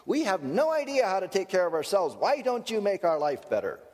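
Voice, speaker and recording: A man mimicking shrill, helpless complainers. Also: very animated, fairly quick, darkish tone, big-room sound. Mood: indignant. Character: indignant helpless adults demanding rescue.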